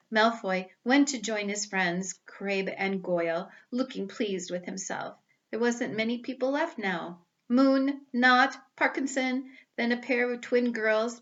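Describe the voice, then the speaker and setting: A woman reading a storybook aloud with careful, expressive delivery. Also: fairly high pitch, highs cut off.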